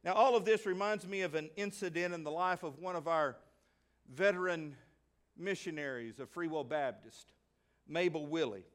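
Animated high-voiced male pastor preaching. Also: normal speed. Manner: animated, acts out voices and asks the congregation questions. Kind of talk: sermon.

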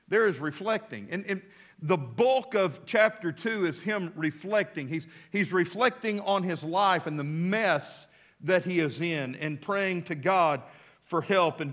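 A man's voice: high voice, fairly bright tone. A man preaching a sermon as pastor, emphatic, with call-and-response to his congregation and casual asides. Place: church.

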